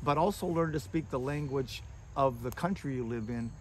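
A man's voice: mid-range voice, moderate pace, slight background noise. Survival guy chatting outside, does voices when he tells stories, faint crickets. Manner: animated storyteller who acts out scolding voices. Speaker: survival skills expert, guest. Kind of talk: outdoor conversation. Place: outdoors among bushes. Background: crickets and insects.

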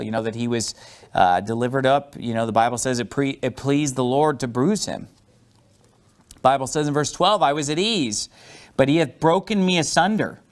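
A man pastor preaching a sermon, explaining scripture verse by verse and acting out angry teeth-gritting to make his points. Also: medium pitch.

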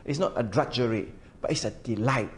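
A man's voice: medium pitch, fairly quick, a little hiss or hum. An older man preaching a sermon. He often hesitates with "uh" and repeats words while explaining scripture line by line. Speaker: pastor. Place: church.

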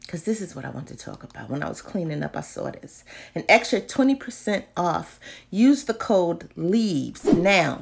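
A woman's voice: on the low side, gravelly, husky. A woman chatting casually through shopping deals, swearing and whispering asides to herself. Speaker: vlogger doing a live deal check-in. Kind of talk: casual chat.

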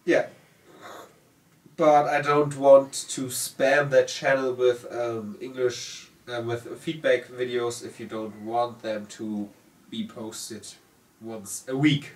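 Slow-talking German man in a roomy room. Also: medium pitch, level tone. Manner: halting, self-correcting, laughs at own words. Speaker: channel host reading viewer comments. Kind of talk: casual chat in English. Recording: roomy sound from a distant mic.

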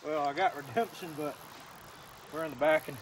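Man explaining fly fishing by a rushing creek. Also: on the high side, slight background noise. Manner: easygoing, instructive, talks while casting. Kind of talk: casual how-to commentary while fishing. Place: outdoors wading a stream. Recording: distant outdoor mic with rushing stream. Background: loud flowing water.

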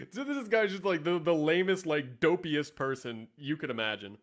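A man's voice: on the high side, animated, normal speed, few pauses, a bit bright. A man giving sarcastic, profane, rambling casual commentary as the host of a vlog. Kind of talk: casual commentary reading ads.

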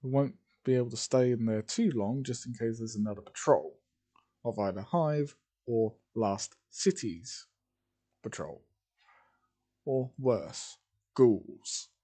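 Guy slowly making up a fan story, keeps stopping n fixing his words, kinda dark mellow tone. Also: medium pitch, slightly rough. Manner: halting, with many fillers and self-corrections. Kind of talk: improvised fan fiction storytelling.

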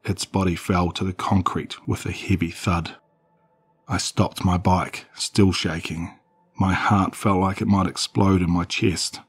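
A man narrating a scripted horror story in a measured, dramatic way. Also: low-pitched, little pitch movement, husky.

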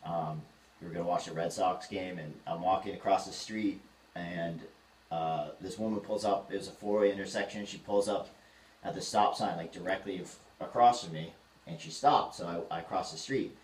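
A man in his thirties rambles through a story on a casual podcast, jumping into the voices of the people in it. His voice sits low, and he sounds a little away from the mic in an echoey room with faint noise behind him. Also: moderate pace, recorded from a distance. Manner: rambling, animated storyteller acting out quotes. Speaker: podcast co-host.

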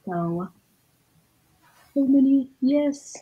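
A woman hosting a casual live book discussion over a video call, hoarse and speaking quietly because she is unwell. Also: lively intonation, extremely slow, poor audio. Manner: quiet, low-key.

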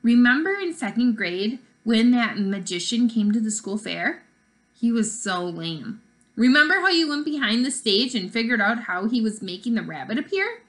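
A bold, playful young schoolgirl from a storybook, as a woman reading aloud puts her on. She teases and presses her point with emphatic, high, bouncing lines. Her pitch leaps around with lively swings. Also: normal speed. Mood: teasing. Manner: emphatic, teasing, raised pitch.

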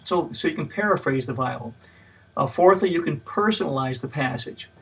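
A man's voice: on the high side, lively intonation, normal speed, vocal fry, fairly bright tone, husky, distant mic. A man giving a mini lecture on Bible study in a plain, patient teaching manner, with frequent fillers and extra stress on each point he lists. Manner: stresses key words when listing points.

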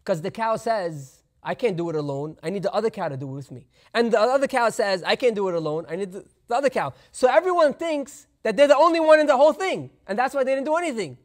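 A man's voice: high-pitched, expressive, fast talker, hardly any pauses. A man playing a humble male village school teacher who explains himself in a reflective, patient way while telling a story in a sermon. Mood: explaining.

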